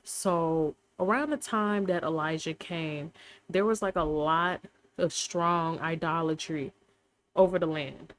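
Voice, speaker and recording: A woman hosting a casual Bible study talk, animated and laughing as she retells stories. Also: low voice, slow. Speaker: host.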